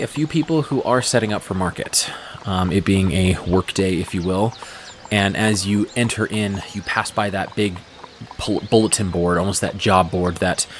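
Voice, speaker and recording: A man narrating as game master of a tabletop game, describing scenes in an unhurried way with frequent fillers. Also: lowish voice, a little hiss or hum.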